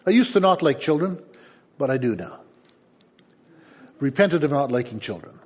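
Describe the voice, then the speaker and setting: A man preaching to his congregation, chatty and teasing, slipping into asides and little acted-out scenes. His voice sits a bit high and swings widely in pitch, with a husky edge. The recording is dull and lo-fi. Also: sing-song, moderate pace, a little mellow. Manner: conversational, playful asides to congregation. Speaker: pastor. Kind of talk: sermon.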